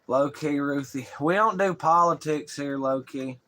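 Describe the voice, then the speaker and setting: A man's voice: on the high side, a little slow, bright, forceful tone. A man hosting a casual live stream, joking, laughing often and cursing freely.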